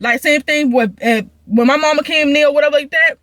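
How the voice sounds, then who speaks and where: A woman's voice: high-pitched, a bit bright, no echo. A young woman venting through a profane, heated storytime rant. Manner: heated, profane, rapid ranting.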